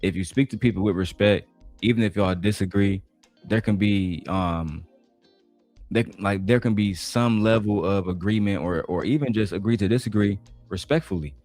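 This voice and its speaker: Low-voiced guy doing drama commentary, blunt and sweary, music under it. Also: moderate pace, a little mellow. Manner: blunt, swears often, talks over clips. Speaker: commentary host. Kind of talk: profane casual commentary.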